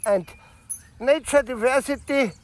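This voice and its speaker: A man putting on a high, thick mock Austrian accent, speaking broken, earnest English. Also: measured pace, crowd noise.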